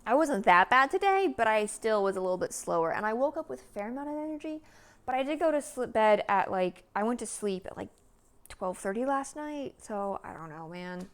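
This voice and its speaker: A woman in her early thirties talking casually and at length in a vlog, meandering with lots of "like"s and sighs, sometimes sinking to a soft near-whisper. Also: on the high side, lively intonation, a little fast. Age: 30s. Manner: chatty, meandering, many "like"s and sighs. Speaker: vlogger.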